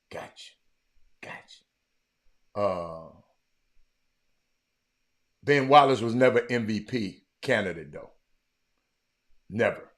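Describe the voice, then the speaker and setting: Casual live-stream host, man, deep voice, rambling, repeats lines. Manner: rambling, repeats himself, reads chat aloud.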